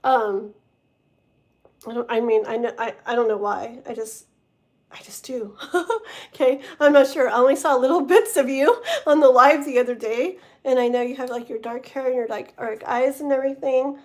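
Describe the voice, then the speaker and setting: A woman's voice: high-pitched, normal speed. A woman doing a live-stream tarot reading, talking straight to the viewer, rambling and stumbling over her words. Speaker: tarot reader.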